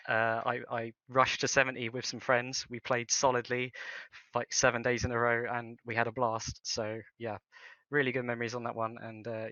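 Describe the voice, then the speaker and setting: A man co-hosting a podcast, telling his pick in a relaxed conversational way. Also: medium pitch, no room sound. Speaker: podcast co-host. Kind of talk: casual chat. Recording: dull, dry lo-fi sound.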